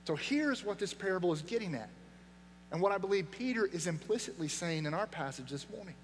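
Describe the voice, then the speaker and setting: A man preaching a sermon as pastor, earnest and emphatic, dropping his voice low for weight. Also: animated, fairly quick. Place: church sanctuary. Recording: long hall reverb, faint mains hum.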